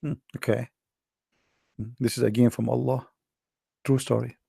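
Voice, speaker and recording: A man's voice: medium pitch, little pitch movement, vocal fry, mellow, breathy edge, dry recording, studio quality. A man giving mocking religious commentary, sarcastic and sing-song, drawing out the words he quotes. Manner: sarcastic, sing-song mockery with slow drawn-out quoting.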